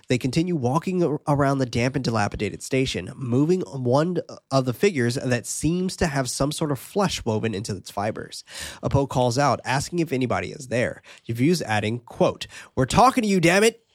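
A man's voice: medium pitch, dry recording, studio quality. Laid-back man recapping a film plot. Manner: laid-back, laughs at his own asides, reads plot summary aloud. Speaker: podcast co-host recapping a film. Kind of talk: casual chat and plot recap.

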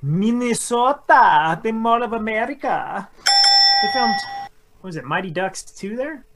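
A man's voice: sits high, sing-song, normal speed, creaky, heavy background noise. A man chats loosely on a podcast, answering trivia questions in a jokey, rambling way. He riffs on each answer, wanders into tangents, and keeps the tone light and playful throughout. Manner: jokey, riffs and tries impressions. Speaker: podcast co-host and contestant. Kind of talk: casual podcast chat.

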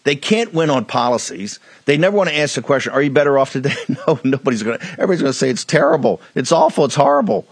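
Male host, fairly high voice, blunt combative rant, dry close recording. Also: expressive, racing, hardly any pauses, slightly rough, dry recording. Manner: combative, blunt ranting with repeated lines. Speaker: political talk show host. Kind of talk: heated political commentary.

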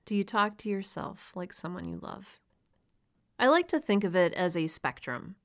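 A woman's voice: fairly low pitch, sing-song, normal speed. Earnest woman podcasting to writers. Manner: earnest, encouraging, laughs lightly now and then. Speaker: podcast host. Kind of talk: solo podcast talk to writers.

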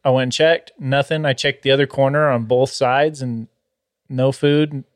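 A man with a mid-pitched voice talks in short, matter-of-fact lines during a casual podcast chat. The sound is dry and close. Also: fairly even intonation, normal speed, no room sound. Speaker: podcast co-host.

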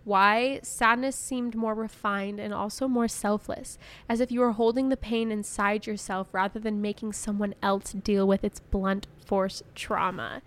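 A woman's voice: medium pitch, steady tone, measured pace. A young woman co-hosting a podcast in casual chat, talkative and laughing often as she acts out her own inner voice. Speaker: podcast co-host.

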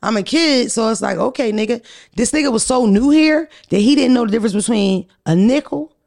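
A woman's voice: on the high side, expressive, fairly quick, gravelly, darkish tone. A woman hosting a podcast, telling stories in a blunt, profane, casual way. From United States. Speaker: podcast host.

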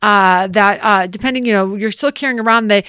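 A woman's voice: mid-range voice, a little fast, bright, forceful tone, smooth, no echo, studio quality. A woman co-hosting an advice podcast, chatting casually with lots of laughter and fillers. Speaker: podcast co-host.

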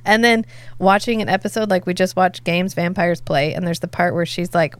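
A woman co-hosting a podcast, chatting excitedly and gushing like an eager fan. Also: brisk, no echo. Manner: excitable, gushing fan talk, lively pitch. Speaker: podcast co-host. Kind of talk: casual chat.

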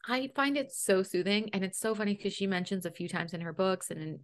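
A woman's voice: medium pitch, animated, fairly quick. A woman who works as a home organizer, talking as a guest in a casual podcast chat with a blunt, chatty manner and casual swearing.

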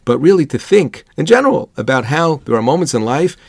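Gravelly man giving a Torah lesson. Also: fairly high pitch, sing-song, brisk, dry recording. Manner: earnest, thoughtful, uses Hebrew and Yiddish terms. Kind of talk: Torah lecture, explanatory.

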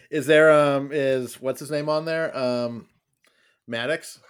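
A man co-hosting a casual podcast, joking around and quick to laugh. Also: medium pitch, fairly even intonation, clear, resonant tone. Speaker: podcast co-host. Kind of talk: casual chat.

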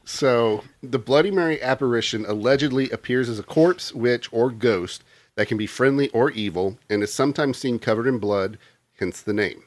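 A man's voice: mid-range voice, normal speed, no room sound. A man hosting a casual podcast, reading notes aloud between jokes. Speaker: podcast host reading the lore.

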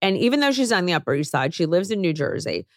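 A woman's voice: fairly low pitch, fast, no room sound, studio quality. A woman hosting a podcast, telling a story in casual chat and acting out the voices of people she quotes. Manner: animated storyteller who acts out quoted voices. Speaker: podcast host.

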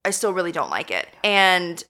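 Guest: young American woman, emotional and earnest, bright tone. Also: lowish voice, very animated, normal speed. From United States. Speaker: podcast guest. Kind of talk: casual interview chat.

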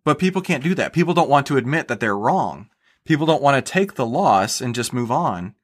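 The podcast guest, a stock trader, describes his method at a fairly quick pace in a medium-pitched voice. His manner is easygoing and conversational, with frequent word restarts and check-ins like "right?".

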